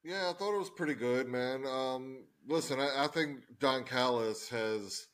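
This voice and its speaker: A man co-hosting a wrestling podcast, talking quietly and haltingly with many fillers. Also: medium pitch. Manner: soft-spoken, hesitant, lots of fillers. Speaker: podcast co-host. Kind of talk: casual wrestling review chat.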